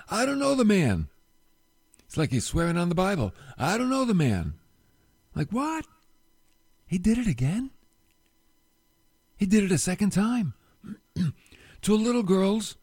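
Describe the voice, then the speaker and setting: A man preaching a sermon, retelling a Bible story with animated storytelling and rhetorical questions, going low and soft at solemn moments. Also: no echo, clean studio sound. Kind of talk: sermon podcast.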